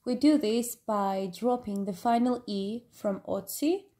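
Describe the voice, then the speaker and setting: A woman teaching a language lesson in a patient, explanatory way. Her voice is mellow and sits a little high. The room is echoey. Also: unhurried.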